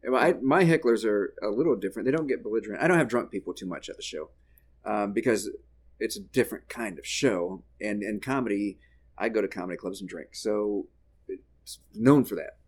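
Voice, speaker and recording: A man hosting a casual interview, chatty and quick to laugh with his guest. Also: on the low side, a little hiss or hum. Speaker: host.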